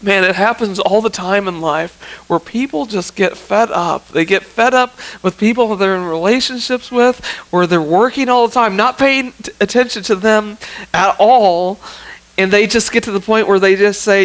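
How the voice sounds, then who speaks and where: A male pastor with a high-sitting, somewhat bright voice preaches a sermon in a church sanctuary at normal speed, recorded with poor audio. His delivery is earnest and conversational, often leaning on "I mean" and "you know what."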